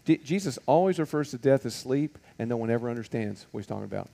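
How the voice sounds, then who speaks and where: A man's voice: medium pitch, animated, fast, vocal fry, mellow. A man teaching a Bible lesson to a group in a conversational way, asking many rhetorical questions and stopping on fillers.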